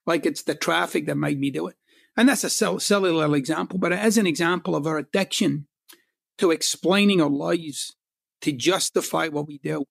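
A middle-aged Scotsman guesting as an author on a podcast speaks briskly in a creaky voice on the high side. He is blunt and emphatic and swears for punch. The sound is clean studio audio without any room sound.

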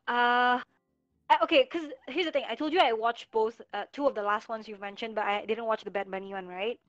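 Blunt, high-voiced young woman chatting. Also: fairly quick, no room sound. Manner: blunt, animated when mimicking others. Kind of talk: casual chat. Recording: dull lo-fi audio with faint music.

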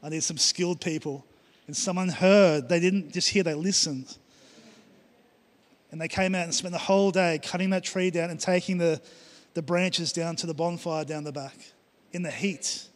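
Speaking with a slightly high, steady voice at moderate speed, a middle-aged pastor delivers a sermon full of emphatic repetition. He's in a church hall, and the sound rings with long reverb.

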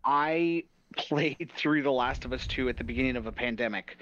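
A man's voice: medium pitch, moderate pace, fairly bright tone. A man co-hosting a podcast, telling stories animatedly in casual review chat and swearing freely. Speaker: podcast co-host. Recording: slightly dull, dry sound.

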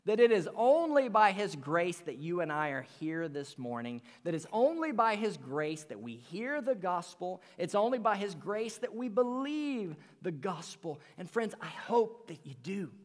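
High-voiced pastor preaching slowly, hall reverb. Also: male voice, sing-song. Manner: earnest preaching, rises and drops to near whisper. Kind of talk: sermon. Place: church sanctuary.

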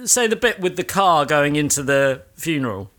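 A man's voice: a little high, expressive, moderate pace, bright, forceful tone. A man co-hosting a podcast, arguing and teasing in casual chat. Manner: argumentative, teasing. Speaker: podcast co-host.

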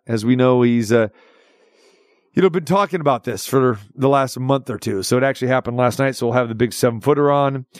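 A man's voice: mid-range voice, no room sound, clean studio sound. A man hosting a sports radio show, talking in a casual, jokey, rambling way. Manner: jokey, rambling, switches dialects playfully.

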